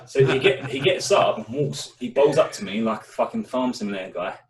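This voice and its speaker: A man's voice: medium pitch, brisk, recorded from a distance, a little hiss or hum. Young man, sweary storyteller. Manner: swears a lot, animated storytelling. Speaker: podcast co-host. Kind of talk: casual storytelling chat. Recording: echoey room, away from the mic.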